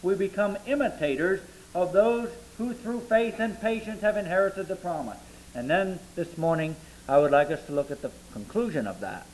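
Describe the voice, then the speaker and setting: A man pastor preaching a sermon, reading scripture aloud and slowing down to stress its key words. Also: sits high, expressive, slight background noise, rough recording.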